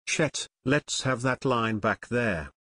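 A man reading the part of a brash teenage boy steering a speedboat, yelling over the engine in an audiobook. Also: medium pitch, animated, takes it slowly, no echo, full character voice. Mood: matter-of-fact.

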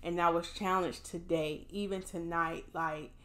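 A woman's voice: fairly low pitch, steady tone, measured pace, fairly bright tone. A woman vlogging candidly and encouragingly, speaking straight to her viewers while emotionally drained after a hard day. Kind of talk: casual heartfelt vlog talk.

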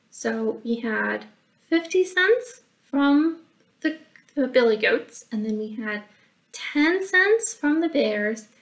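A woman's voice: a little high, far from the mic, low-quality recording. A woman librarian reading a picture book aloud to children, stopping for chatty asides and working out the math with them.

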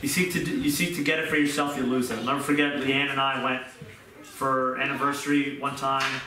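A man's voice: medium pitch, level tone, a little fast, crowd noise. A middle-aged man preaching a sermon in an earnest, repetitive way, recorded from a distance in an echoey room. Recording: echoey room, mic far off.

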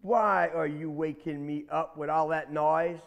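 A man voicing a vain, bullying male alligator in a loud, drawn-out threatening drawl. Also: on the high side, steady tone, creaky, big-room sound, lo-fi sound, pitched below the performer's own voice. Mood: grumpy.

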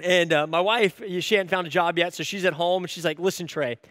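A man in his thirties giving a sermon as an animated, self-deprecating storyteller. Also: high voice, fairly quick, no room sound, studio quality, in a large hall. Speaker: church staff speaker.

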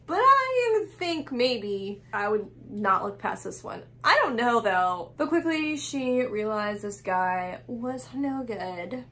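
A woman's voice: mid-range voice, a bit bright. A woman host telling a true crime story in a casual, comedic way, full of crude sarcastic asides.

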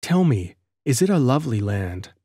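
A man gives a lightly raised voice to a gentle young village girl from a storybook, shunned and sorrowful, who speaks softly and earnestly. The recording is dry and close, with no room sound. Her wistful lines move along at a middling pitch. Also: big pitch swings, moderate pace, breathy edge, no room sound. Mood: hopeful. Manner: soft, earnest and wistful delivery. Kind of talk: audiobook character reading.

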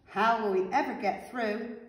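A woman's voice: a little high, measured pace, reverberant, long reverb tail, far from the mic, lightly acted. A woman voicing a worried, fretful tomato in a storybook read-aloud.

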